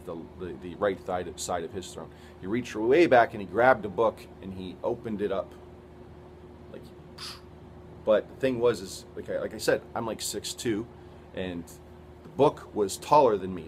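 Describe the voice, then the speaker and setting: A man giving an earnest, halting personal testimony, retelling events with quoted dialogue. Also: lowish voice, a little hiss or hum.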